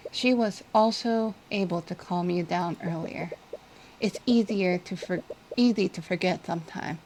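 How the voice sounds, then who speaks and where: A woman reading a visual novel aloud in a relaxed, chatty way as she plays. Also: on the low side, slight background noise. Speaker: gaming creator.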